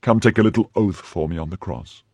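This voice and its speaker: A man's voice: low-pitched, brisk, warm tone, husky, no echo. A man reading the part of a cruel nobleman jailer who mocks and threatens his prisoner in an audiobook. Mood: jeering. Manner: mocking, then menacing.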